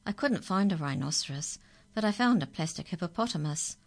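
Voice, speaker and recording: A woman voicing a cheerful, brisk artist mother in a children's story. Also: on the low side, animated.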